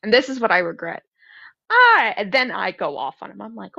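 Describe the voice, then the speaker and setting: A young woman telling a story in casual conversation, lively and full of fillers. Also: medium pitch, a little fast, creaky, no room sound. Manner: animated storytelling, many fillers. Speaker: guest. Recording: dry, dull lo-fi sound.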